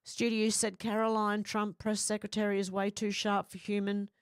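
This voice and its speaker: A woman's voice: mid-range voice, level tone, normal speed, clean tone, no echo, clean studio sound. A woman with an Australian accent hosting a casual livestream, reading viewer comments aloud and answering them bluntly with her own opinions. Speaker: livestream host.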